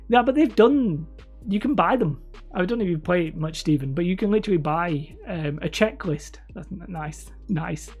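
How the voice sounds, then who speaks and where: Soft music plays behind a woman hosting a casual livestream, where she reads chat and chats with viewers in a rambling, self-correcting way, laughing often. She has a slight lisp and a lowish, husky, slightly mellow voice with lively intonation at a moderate pace.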